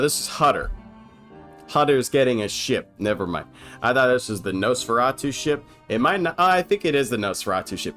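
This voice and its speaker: Man, casual riff commentator, profane and jokey, average pitch, soft score music in the background. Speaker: movie commentator.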